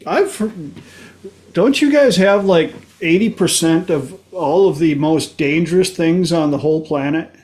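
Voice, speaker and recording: A man's voice: a little high, a little slow, darkish tone. A man from Minnesota hosting a podcast, telling casual stories and chuckling often. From Minnesota, USA. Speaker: podcast host. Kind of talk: casual storytelling.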